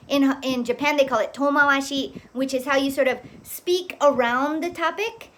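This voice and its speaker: A middle-aged woman, telling casual, rambling stories to her viewers. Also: high-pitched. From Hawaii. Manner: rambling, with many fillers and frequent laughs. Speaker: vlogger. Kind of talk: casual storytelling monologue.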